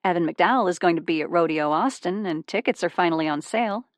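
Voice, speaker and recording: A woman's voice: fairly low pitch, fast talker, no echo, natural voice. A woman reading the part of a chatty female friend on the phone in an audiobook.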